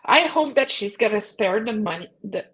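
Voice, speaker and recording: A woman's voice: mid-range voice, animated, a bit bright, slightly rough, low-quality recording. A woman co-hosting a casual political podcast, talking in emphatic, opinionated bursts. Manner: emphatic, opinionated, quick outbursts.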